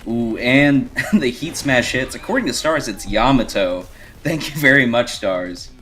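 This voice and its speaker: A man giving color commentary on a fighting game match, relaxed and rambling, with many fillers. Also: mid-range voice, measured pace. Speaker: esports co-commentator.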